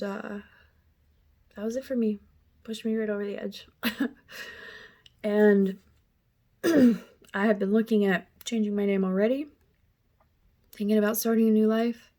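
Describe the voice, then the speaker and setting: A woman's voice: medium pitch, dark tone. A woman in her thirties telling a personal story, candid and emotional, often laughing through the hard parts. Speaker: speaker sharing personal story.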